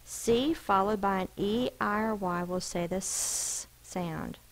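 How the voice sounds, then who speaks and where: A woman's voice: mid-range voice, takes it slowly, low-quality recording. A woman teacher giving a recorded spelling lesson, patiently explaining rules and sounding out each letter and syllable.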